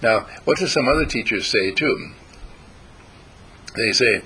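A man giving a spiritual talk to a group, halting and repeating words as he teaches. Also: medium pitch, animated, bright, forceful tone, slightly rough, rough recording. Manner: halting, repeats words, acts out quoted voices.

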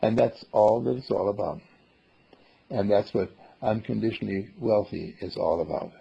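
A man's voice: fairly low pitch, normal speed, creaky, slightly rough, dull audio. A man teaching a small group in a playful way, acting out little dialogues in different voices. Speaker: spiritual teacher. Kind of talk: group talk.

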